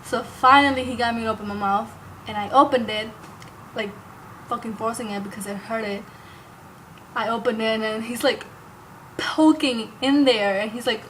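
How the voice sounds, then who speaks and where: A woman's voice: a little high, steady tone, normal speed, long pauses, a bit bright, slight background noise, rough recording. Rambling young woman vlogging. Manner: rambling, heavy use of "like", occasional cursing. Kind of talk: casual storytelling to camera.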